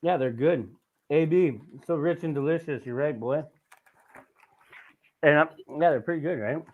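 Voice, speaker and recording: A man's voice: a little high, normal speed, narrow, tinny audio. A man hosting a casual podcast, telling a rambling, profane story with lots of asides. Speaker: podcast host.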